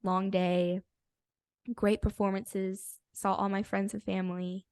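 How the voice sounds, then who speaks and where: A woman's voice: medium pitch, flat delivery, takes it slowly, a little mellow, smooth, no room sound, clean studio sound. A young woman co-hosting a podcast, telling a story in casual chat, bubbly and laughing often. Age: young adult. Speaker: podcast co-host.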